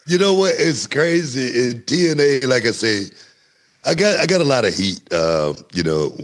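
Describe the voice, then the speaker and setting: A middle-aged man, a former wrestler telling stories as a guest in a casual interview, animated and often laughing. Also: moderate pace. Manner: animated, laughing storyteller with wide pitch swings.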